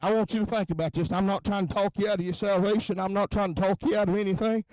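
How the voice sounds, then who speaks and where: A man preaching a revival sermon in a tent, moving between low, quiet talk and chanted, shouted peaks. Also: fairly even intonation, fast talker, dry recording, rough recording.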